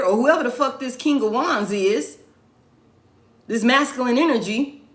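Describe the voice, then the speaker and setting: A woman gives a casual tarot reading. She talks slowly, swears freely and hammers her points home by repeating them. Her voice sits a little high. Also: fairly bright tone. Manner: profane, emphatic, repeats phrases. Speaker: tarot reader.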